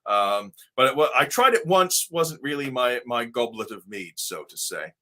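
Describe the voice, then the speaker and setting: A man from Ohio with a mixed English RP, Devon and Midwestern American accent hosts a livestream, reading viewer comments and rambling casually with fillers and the odd swear word. His medium-pitched voice is sing-song and sharp, at a moderate pace.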